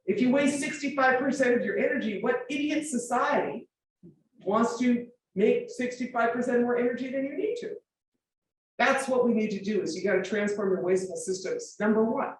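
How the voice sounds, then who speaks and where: A forum speaker gives an informal public lecture with slides, speaking emphatically, firing off rhetorical questions and often checking that listeners are following. The voice is medium-pitched at a moderate pace, with slight background noise. The room is very echoey, the voice far from the mic, with faint ambience.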